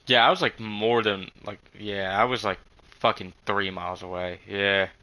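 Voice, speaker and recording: Young guy rambling thru a story, lots of likes and swearing, low-ish voice but kinda sharp. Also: steady tone, low-quality recording. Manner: halting, swears a lot, many fillers.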